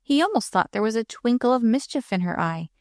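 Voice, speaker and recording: A woman narrating an audiobook in a lively, expressive reading. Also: on the high side, fairly quick, dry recording, studio quality.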